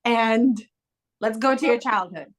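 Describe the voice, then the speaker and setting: A woman's voice: a little high, unhurried. A woman hosting an interview podcast, asking questions in an encouraging way and laughing often with her guest. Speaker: podcast host. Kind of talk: interview conversation.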